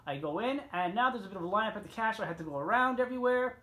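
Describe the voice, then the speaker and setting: A man's voice: lively intonation, rapid-fire. Man ranting with rambling, profane energy. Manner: rambling, profane, frequent sharp jumps in pitch and loudness. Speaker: vlogger. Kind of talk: casual storytelling rant.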